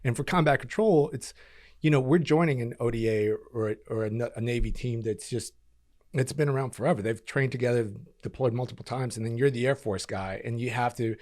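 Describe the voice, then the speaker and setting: A man in his thirties telling stories as a podcast guest, animated and full of fillers, acting out what others said. His voice sits at a medium pitch. The sound is dry and close. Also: a little fast, no room sound. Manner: animated storyteller, acts out quotes, frequent fillers. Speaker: podcast guest, former combat controller. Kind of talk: casual storytelling interview.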